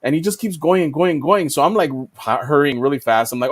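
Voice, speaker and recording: Animated swearing storyteller man. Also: a little high, fast talker. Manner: animated, swears freely, voices his own disbelief. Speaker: podcast co-host. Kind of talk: casual storytelling chat. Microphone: video call.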